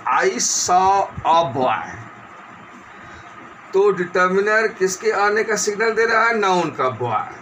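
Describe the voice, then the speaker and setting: Slow-explaining male grammar teacher. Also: high voice, lively intonation, pushed and bright, slight background noise, rough recording. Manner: slow, deliberate explaining with repeated definitions; switches to rapid Hindi asides. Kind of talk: classroom lecture.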